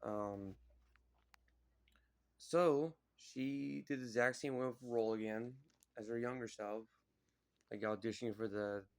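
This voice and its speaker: A man's voice: on the low side, slow pace, long pauses. A man casually retelling a film's plot in a rambling way, full of fillers and restarts. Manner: rambling, filler-heavy, lots of "like" and "you know". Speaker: vlogger. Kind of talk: casual film recap.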